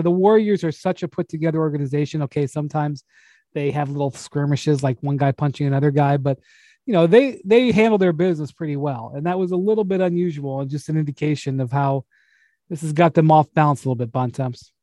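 Man, podcast host, animated storyteller, laughs often, slightly high voice, dry studio sound. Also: a little fast, dry recording. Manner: animated storyteller who laughs and acts out quotes. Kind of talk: casual basketball chat.

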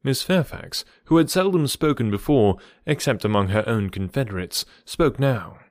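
A man reads a classic novel aloud as an audiobook, telling the story expressively. His medium-pitched voice moves at a moderate pace. The recording is dry and studio quality.

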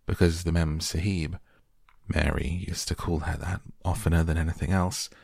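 Deep, gravelly man reading softly for sleep. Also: little pitch movement, dry recording, studio quality. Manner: slow, hushed and unhurried. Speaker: audiobook narrator. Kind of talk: soft bedtime story reading.

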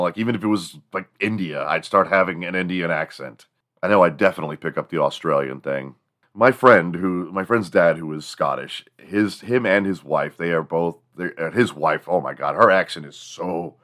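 A man's voice: sits low, a bit bright. A man hosting a comedy podcast, telling stories in a casual, crude, rambling way. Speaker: podcast host.

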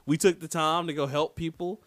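A man co-hosting a casual podcast about games, laughing often and talking in lively slang. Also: fairly high pitch, a little fast, no echo, clean studio sound. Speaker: podcast co-host.

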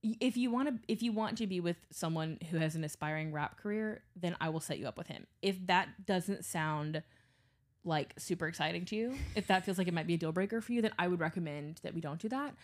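With a fairly low voice and a fairly quick delivery, a young adult podcast co-host tells animated, profanity-laced stories in casual conversation, putting on voices for the characters in them.

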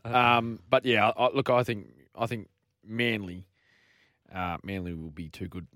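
A man's voice: lowish voice, fairly even intonation, a little slow, a bit bright, no echo. A middle-aged Australian man from Queensland talks footy in an easygoing, chatty way, often laughing as he goes. He sounds like a former player co-hosting a podcast. The recording is close and dry, with no room sound. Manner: chatty, laughs through his stories, easygoing. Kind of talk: casual sports podcast chat.

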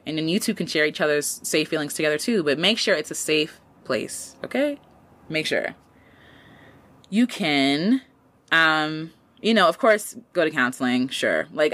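A woman in her late twenties giving casual advice as a podcast host, animated and slangy, jumping up in pitch to stress a point. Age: late 20s.

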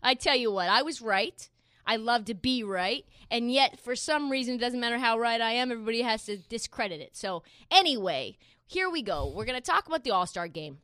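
A woman hosts a casual sports podcast, brash and boastful, laughing as she talks. Her voice sits high and sounds bright and forward. The recording is dry and close. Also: expressive, a little fast, no room sound. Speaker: podcast host.

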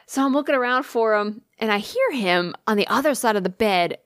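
A woman tells a long story in casual conversation, animated and swearing freely as she acts out what people said. Her voice is fairly high and brisk, captured in a dry, studio-quality recording.

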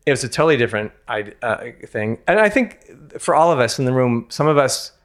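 A man's voice: medium pitch, big pitch swings, a little fast. A man, a former ballet dancer, telling a candid personal story in an interview, frank and self-mocking, with casual swearing and many restarts.

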